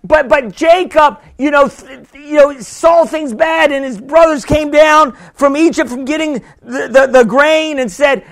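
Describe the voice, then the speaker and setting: A man preaching a sermon as pastor, with sudden shouts and many repeated words. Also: extremely high pitch, a little slow, hardly any pauses.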